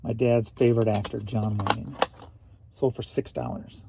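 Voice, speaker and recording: A man's voice: lowish voice, fairly even intonation, unhurried, gravelly, very noisy. A man from St. Louis, Missouri, rambling through a casual solo reseller vlog, chatty and at times emotional. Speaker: reseller vlogger.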